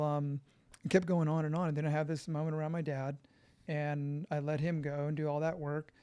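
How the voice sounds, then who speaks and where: A middle-aged man from California, a podcast guest, telling his story in an animated, profane way and acting out quotes. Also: on the high side, brisk, clear, resonant tone.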